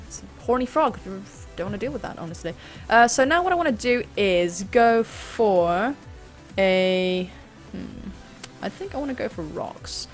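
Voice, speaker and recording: A woman hosting a gaming channel, chatting through a live battle in a self-deprecating way. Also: mid-range voice. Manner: chatty, self-deprecating, sudden excited screams.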